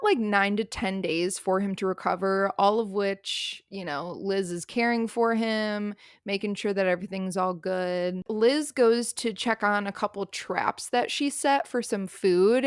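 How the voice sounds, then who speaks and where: A young woman casually recapping a novel's plot in a chatty, animated way, full of fillers. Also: medium pitch, clean tone, no echo, clean studio sound. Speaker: book reviewer.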